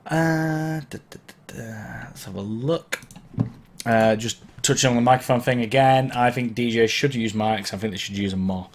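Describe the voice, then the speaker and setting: There's slight background noise as a man with a fairly low, steady voice hosts a live Q&A as a DJ, speaking at normal speed. Casual and encouraging despite a hay-fever sore throat, he chats, wanders and corrects himself. He uses a mic placed under the camera.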